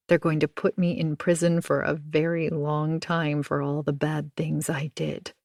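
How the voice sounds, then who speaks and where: A woman narrating an audiobook in a measured, hushed first-person telling. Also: low voice, little pitch movement, creaky, no echo, clean studio sound. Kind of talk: scripted narration.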